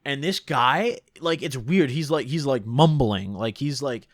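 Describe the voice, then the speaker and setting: A young man casually telling a long story, rambling and animated, full of "like" and "dude". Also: fairly high pitch, brisk, no echo, clean studio sound.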